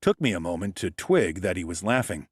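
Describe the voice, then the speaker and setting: Low-voiced wry hardboiled male narrator. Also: very animated, brisk, slightly rough, dry recording, studio quality. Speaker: audiobook narrator. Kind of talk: scripted first-person narration.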